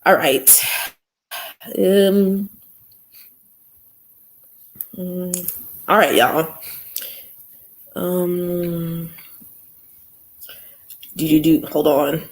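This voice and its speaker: A woman's voice: on the low side, extremely slow, long pauses. A woman hosting a casual livestream, talking to her viewers in an effusive way and repeating her exclamations. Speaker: livestream host.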